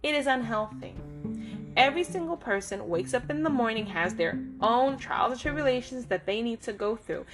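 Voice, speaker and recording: A woman with a fairly high voice speaks earnestly to her listeners, giving a motivational talk in a casual, direct way. She keeps checking in with short asides as she goes, and guitar music plays clearly beneath her voice. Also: expressive, normal speed. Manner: talks with lots of "okay?" and "right?" check-ins. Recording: guitar music playing behind the voice.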